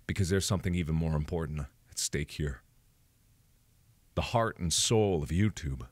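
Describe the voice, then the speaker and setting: A man in his twenties giving a mock-solemn rallying monologue to camera, melodramatic and swinging between hushed and booming lines. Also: moderate pace, no echo. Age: 20s. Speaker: video creator.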